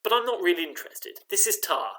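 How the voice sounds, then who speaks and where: A man's voice: high-pitched, very animated, pushed and bright. A man leading a choir rehearsal, patiently teaching rhythm and chanting the beats for singers to repeat. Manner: patient, clapping out rhythms with drawn-out syllables. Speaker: choir director.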